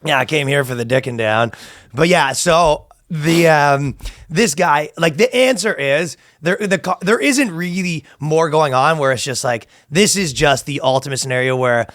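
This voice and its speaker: A man's voice: a little high, moderate pace, a bit bright, no room sound, clean studio sound. A man co-hosting a comedy podcast, riffing in casual banter, laughing often and acting out voices. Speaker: podcast co-host.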